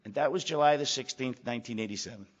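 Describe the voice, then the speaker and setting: An older man giving a blunt, emphatic personal testimony to a recovery meeting, gruff and profane, repeating phrases for weight. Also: medium pitch, quick pace, very noisy. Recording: echoey hall, dull lo-fi sound.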